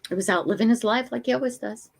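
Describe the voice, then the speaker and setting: A woman's voice: a little high, quick pace, creaky. An older woman hosting a casual morning livestream, chatting emotionally and talking straight to her viewers. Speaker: livestream host.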